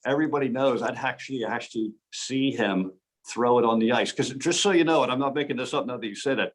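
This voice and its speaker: A man's voice: medium pitch, fast. Man telling hockey stories on a video call. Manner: animated, anecdotal, frequent restarts. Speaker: guest speaker, hockey referee. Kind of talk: storytelling presentation.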